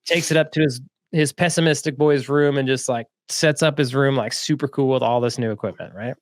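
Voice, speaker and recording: A man hosting a podcast, telling a story in a relaxed, chatty way with lots of "like" and "right?". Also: mid-range voice, a little fast, no room sound, clean studio sound. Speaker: podcast host. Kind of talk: casual storytelling. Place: lives in Florida.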